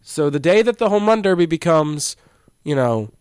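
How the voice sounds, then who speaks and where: A man's voice: a little high, lively intonation, moderate pace, a little mellow, clear, resonant tone, no room sound. A man co-hosting a casual sports podcast, chatty and leading the segments. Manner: chatty, leads segments, laughs often. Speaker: podcast co-host.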